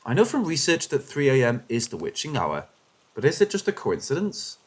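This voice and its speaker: Man narrating ghost stories, lively pitch. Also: a little fast, breathy edge. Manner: expressive storytelling, shifting pitch with suspense. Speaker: story narrator. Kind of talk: scripted narration of paranormal stories.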